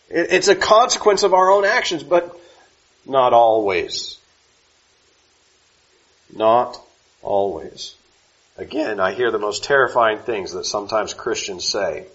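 A man preaching a sermon, swinging from loud emphatic lines to soft, slow ones. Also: medium pitch, lo-fi sound.

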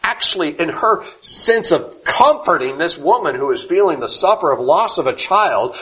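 A man preaching a sermon, swinging from loud emphatic lines to soft, slow ones. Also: a little high, expressive, highs cut off.

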